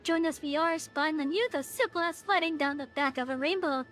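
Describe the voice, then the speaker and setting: A woman's voice: high voice, moderate pace, fairly bright tone, faint music behind. A woman voicing a vain, teasing fairy king, reading game dialogue aloud in a dramatic, sing-song way. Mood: theatrical.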